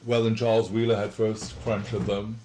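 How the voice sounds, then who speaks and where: Exuberant middle-aged man with a mellow voice. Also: fairly low pitch, level tone, moderate pace, slight background noise. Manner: exuberant, rambling storyteller. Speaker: interviewee. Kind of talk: casual reminiscing interview.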